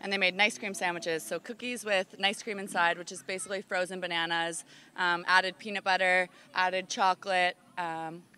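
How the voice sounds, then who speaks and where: A woman's voice: on the low side, flat delivery, moderate pace, bright, forceful tone. A woman in her thirties, a festival organizer, talking enthusiastically in a casual outdoor interview. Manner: enthusiastic, upbeat.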